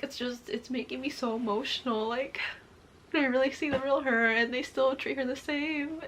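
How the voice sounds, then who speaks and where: Woman book vlogger, casual and emotional, voice sitting a touch high, faint hiss behind her. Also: a bit bright. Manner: gushing and emotional, often laughing and tearing up; chatty, addresses viewers directly. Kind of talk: casual reading vlog, reacting to a book.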